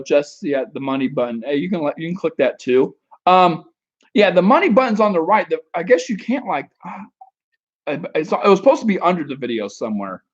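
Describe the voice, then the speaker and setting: A man's voice: fairly high pitch, muffled recording. A man giving dating advice on a casual live stream, answering chat with rambling, crude jokes and frequent restarts.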